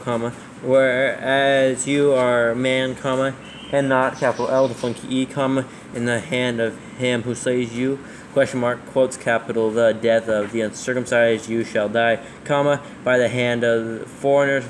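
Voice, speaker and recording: A man proofreading scripture aloud, reading slowly and calling out every comma, quote and capital letter. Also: medium pitch, flat delivery, noisy background. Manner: reads slowly, spelling out punctuation and capitals. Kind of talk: dictating text with punctuation.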